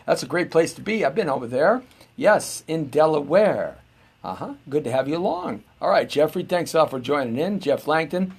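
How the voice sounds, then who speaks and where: A man's voice: fairly high pitch, big pitch swings, normal speed, gravelly, slightly rough. A middle-aged man hosting a live show, rambling and joking as he muses aloud to viewers. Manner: rambling and jokey, musing aloud.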